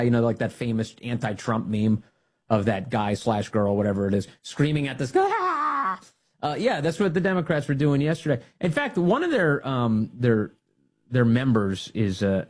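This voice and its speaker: A man's voice: mid-range voice, a little mellow. A man hosting a radio talk show, giving scornful, mocking political commentary and laughing at his targets.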